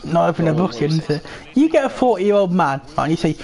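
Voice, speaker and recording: A man's voice: a little high, very animated, quick pace, vocal fry, darkish tone. A young man chatting casually and rambling while he plays a football game, swearing freely. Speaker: host.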